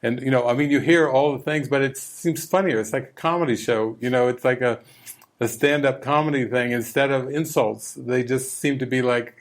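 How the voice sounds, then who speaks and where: Gentle unhurried male spiritual teacher. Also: mid-range voice, steady tone. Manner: gentle, unhurried, repeats words as he gathers thoughts. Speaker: spiritual teacher leading a retreat. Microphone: video call.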